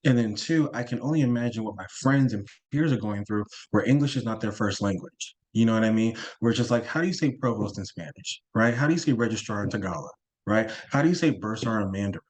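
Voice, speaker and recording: Lowish voiced guy on a panel, telling stories playfully, lots of uh's, video call. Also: fast. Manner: animated, playful, many fillers. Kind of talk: storytelling on a panel.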